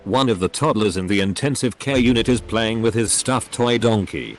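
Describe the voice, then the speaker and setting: A man's voice: on the low side, animated, moderate pace. A man reading forum posts aloud, speaking punctuation marks as words. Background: faint background music.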